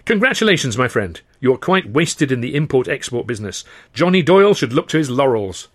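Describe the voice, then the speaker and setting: A man voicing a nervous, sneering young male comedian who talks in a hurried, defensive way, in a storybook reading. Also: mid-range voice, very animated, no room sound, clean studio sound, pitched above the performer's own voice. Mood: bitter.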